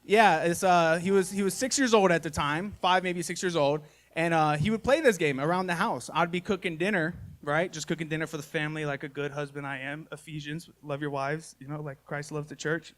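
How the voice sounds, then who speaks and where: A man's voice: on the high side, a little fast, a bit bright. A man in his thirties doing live stand-up comedy, telling family stories in a folksy, self-mocking way full of "y'all" and "man.". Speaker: stand-up comedian and podcast host. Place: live comedy show before an audience.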